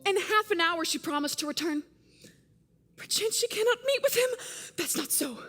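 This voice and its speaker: A woman's voice: extremely high pitch, animated, normal speed, a bit bright, soft background music. A woman acting an impatient young girl in love in a live stage play, with urgent, pleading lines and sudden outbursts. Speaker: stage actor. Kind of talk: live stage drama performance.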